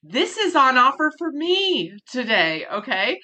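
A woman hosting a podcast in casual chat, candid and animated, swearing freely and laughing often. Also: high voice, unhurried, slight background noise. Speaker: podcast host.

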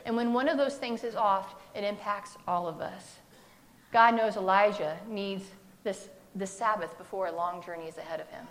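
A woman's voice: medium pitch, fairly bright tone. A woman preaching a sermon in a conversational, humorous way, acting out the quotes in her text.

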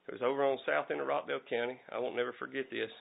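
A man's voice: medium pitch, little pitch movement, racing, creaky. A middle-aged man preaching a folksy storytelling sermon, repeating and restarting his words. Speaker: lay preacher. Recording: tinny phone-like recording.

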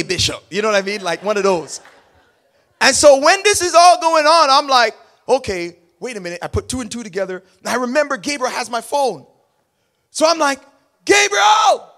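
Middle-aged male preacher with a high-pitched voice, dramatic storyteller who jumps from hushed to loud. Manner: animated, dramatic storytelling that swings between quiet asides and loud bursts. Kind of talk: sermon storytelling.

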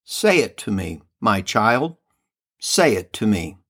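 A man reading the part of a loving heavenly mother and queen, slow, solemn and tender, in a devotional reading. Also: lowish voice, very animated, a bit bright, pitched below the performer's own voice, exaggerated voice.

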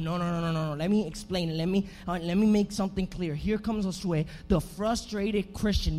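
A young man preaching a lively sermon in a church, moving from hushed talk to shouting and acting out scenes. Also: sits high, brisk, hardly any pauses, soft background music. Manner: animated, swings from hushed to shouting, acts out scenes. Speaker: pastor.

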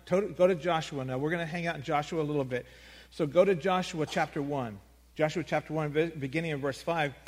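A man preaching a sermon, talking plainly and conversationally, rising to loud emphasis and dropping to near-hushed quiet. His voice sits a little high for a man. A long reverb from a large hall trails every phrase. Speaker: pastor.

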